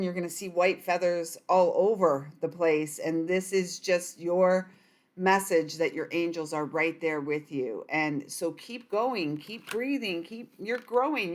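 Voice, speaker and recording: A woman giving a spiritual oracle card reading straight to her viewers, in a gentle, affirming and softly encouraging way. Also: on the low side.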